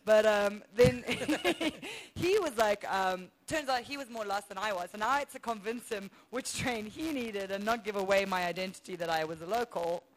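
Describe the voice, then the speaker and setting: Animated South African woman comedian. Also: mid-range voice, moderate pace, poor audio. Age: 30s. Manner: animated, laughing often. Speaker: comedian guest. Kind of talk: storytelling chat.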